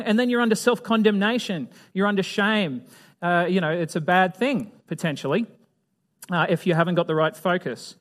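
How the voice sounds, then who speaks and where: A man teaching a Bible lesson in a chatty way, asking his listeners questions and acting out little scenes. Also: high-pitched. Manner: chatty, asks the audience questions, acts out voices. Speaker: preacher.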